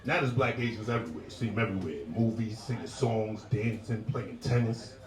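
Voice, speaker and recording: A man's voice: on the low side, fairly quick. A male stand-up comedian doing a profane set with crowd work, breaking into acted voices. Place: live comedy show with passersby nearby. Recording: roomy live sound from a distant mic with audience.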